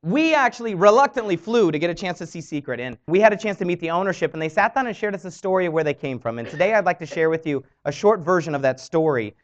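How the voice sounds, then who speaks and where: A man giving a motivational talk to an audience about his network marketing story, animated and acting out the voices he quotes. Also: sits high, quick pace, hardly any pauses. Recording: dull lo-fi recording.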